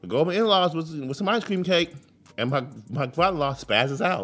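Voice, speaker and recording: A man's voice: on the high side, lively intonation, fairly quick, a bit bright. A man in his thirties co-hosting a casual talk show, telling profane stories and mimicking voices. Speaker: co-host.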